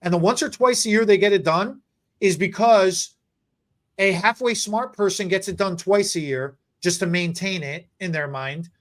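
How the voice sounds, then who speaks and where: A podcast host in casual chat, joking and rambling, often restarting sentences. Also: normal speed. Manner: animated, joking, rambling with restarts and repeated words; mock infomercial pitch. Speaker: podcast host and stylist educator.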